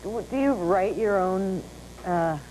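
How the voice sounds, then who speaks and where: A woman's voice: mid-range voice, slow pace, dark tone, slight background noise, poor audio. A woman co-hosting a morning TV show, asking the guest curious follow-up questions. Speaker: TV co-host. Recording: old VHS broadcast with studio audience.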